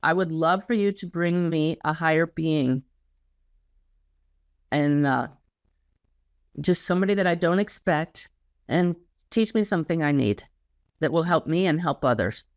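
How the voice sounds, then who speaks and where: A woman author being interviewed, speaking earnestly and slowing down to stress quoted words. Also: low-pitched, dry recording, clean studio sound. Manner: earnest, slows down when quoting guidance. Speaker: interview guest, spiritual author. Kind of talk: casual conversational interview.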